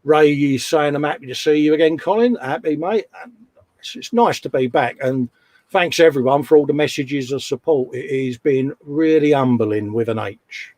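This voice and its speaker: A man's voice: a little high, normal speed, a little mellow, no room sound. A man co-hosting a live stream, casually chatting and reading out viewer messages with a jokey, laughing manner.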